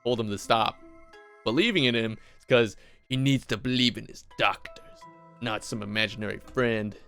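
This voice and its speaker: A young man casually recapping a horror movie, animated and swearing a lot. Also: medium pitch, normal speed, creaky, smooth, faint music behind. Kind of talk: profane comedic movie recap.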